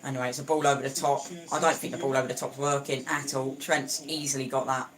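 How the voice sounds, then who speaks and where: A man's voice: mid-range voice, level tone, fast, a bit bright. Chatty man commentating a football match live. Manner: chatty and opinionated, with frequent restarts and stumbles. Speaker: football watchalong streamer.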